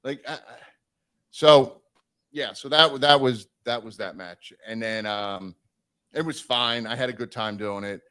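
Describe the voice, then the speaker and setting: A man casually telling a long road story on a live stream, animated and swearing, acting out the people he quotes. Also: mid-range voice, a little slow, clear, resonant tone.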